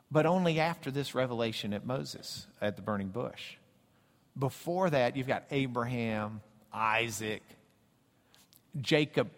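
A man teaching the Bible with a slightly high, lively voice that swings up and down as he acts out the verses. He takes his time, pausing over pointed questions. His voice rings out with the long reverb of a church hall. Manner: dramatic, acts out scripture quotes with big swings in loudness; slow, deliberate delivery with pointed questions.

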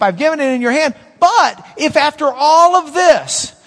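A man preaching a sermon as pastor, animated, with swings between loud emphasis and hushed asides. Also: very high-pitched, moderate pace, hardly any pauses, long reverb tail.

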